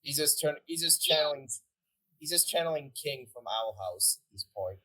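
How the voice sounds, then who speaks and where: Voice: medium pitch, lively intonation, normal speed, bright, forceful tone, rough recording. A tabletop player asking puzzled questions with stumbling restarts. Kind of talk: casual chat.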